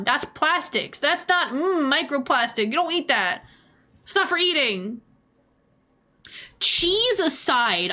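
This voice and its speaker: Young woman streamer, bright and a bit high, animated casual commentary with frequent laughs.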